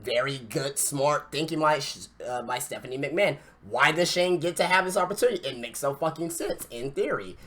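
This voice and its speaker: A man's voice: fairly high pitch, expressive, normal speed, few pauses, bright, forceful tone. Man, podcast host, casual wrestling review, profane, rambling, repeats and restarts. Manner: ranting, profane, stammering restarts.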